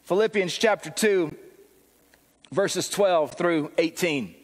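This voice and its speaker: Male pastor, earnest and encouraging preacher, fairly high voice, heard in a reverberant church. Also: slow, pauses often. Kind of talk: sermon. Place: church sanctuary.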